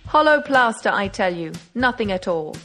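A woman's voice: medium pitch, lively intonation, moderate pace, sharp tone, faint music behind. A woman reading aloud as a brash young male amateur detective, speaking with eager, triumphant reasoning. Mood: mocking.

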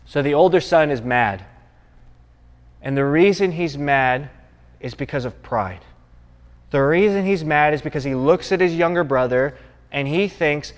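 A man's voice: a little high, moderate pace. Conversational young man preaching in a hall. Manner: conversational, asks the room for agreement. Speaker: college ministry teacher. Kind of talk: sermon to college students. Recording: long reverb in a hall.

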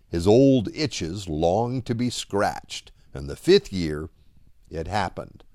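Slow dramatic preaching man. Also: mid-range voice, no echo, studio quality. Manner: dramatic, drops to a hush at line ends; slow and deliberate. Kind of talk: dramatic devotional sermon.

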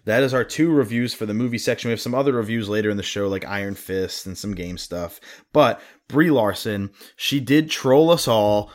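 A man's voice: on the low side, normal speed. A young adult man co-hosting a podcast, chatting casually and acting out quoted coworkers as he tells stories. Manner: storytelling, acts out quoted coworkers. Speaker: podcast co-host. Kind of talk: casual chat.

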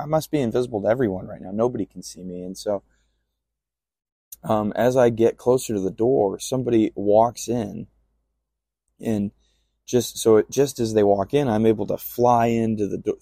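A man telling a long personal faith story on a podcast, rambling and halting with many fillers and restarts. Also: fairly low pitch, vocal fry, warm tone, dry recording. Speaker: podcast guest. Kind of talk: storytelling testimony.

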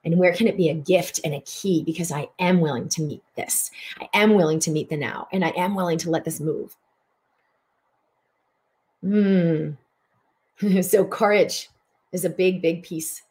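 A woman's voice: on the low side, a little slow, pauses often, a little mellow. Earnest woman hosting a spiritual broadcast. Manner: repeats words for emphasis, earnest and flowing. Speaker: host of a healing broadcast.

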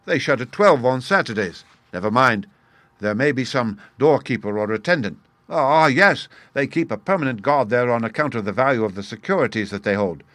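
A man's voice: mid-range voice, lively intonation, brisk, a bit bright, no echo, close to an everyday voice. A man doing a flustered, pleading young clerk. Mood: agitated. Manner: pleading, agitated, raised voice.

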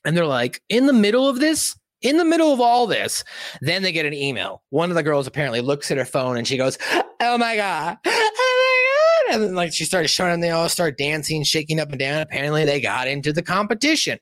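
A man with a slightly high voice recaps a film in a casual, profane ramble full of asides. His delivery is very lively, with pitch swinging widely. The sound is close and dry. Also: quick pace, dry recording. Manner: animated, rambling, profane storytelling with many asides. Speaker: movie recap commentator. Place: indoors, seated.

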